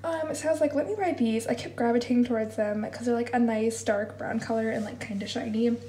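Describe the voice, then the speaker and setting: A woman's voice: on the high side, fairly even intonation, quick pace, warm tone, a little hiss or hum, low-quality recording. A woman in her twenties talking casually to her phone camera in a self-deprecating, chatty vlog. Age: 20s. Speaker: vlogger.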